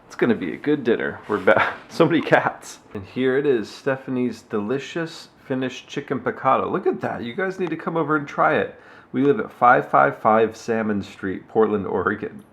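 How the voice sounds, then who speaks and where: A man's voice: medium pitch, animated, normal speed, vocal fry, a bit bright, husky. A young man chatting casually in a daily vlog, rambling and laughing easily as he talks to his viewers. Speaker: vlogger.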